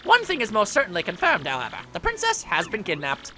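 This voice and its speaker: A man voicing a fussy, fawning old female turtle witch who serves a villain, in a high, simpering voice. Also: huge pitch swings, fast talker, bright, forceful tone, slight background noise, exaggerated voice.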